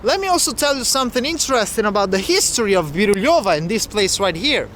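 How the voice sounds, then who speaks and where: A man's voice: high-pitched, sing-song, fast talker, a bit bright, a little hiss or hum. A man walking city streets as a travel vlogger, chatting and explaining local facts to the camera. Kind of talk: walking travel vlog narration.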